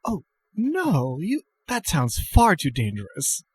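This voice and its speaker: A man's voice: on the high side, huge pitch swings, slow, a little hiss or hum, pitched above the performer's own voice, full character voice. A man voicing a flamboyant, doting male bartender in a tabletop game, theatrical and fond. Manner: theatrical, doting, calls everyone darling.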